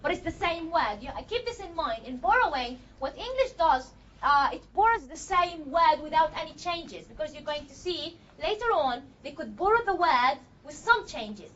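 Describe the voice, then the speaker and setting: A woman teaching a classroom lesson, explaining step by step and often checking understanding with quick questions. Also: high-pitched, expressive, a bit bright, muffled recording, a little hiss or hum. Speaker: language teacher. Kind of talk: classroom lecture.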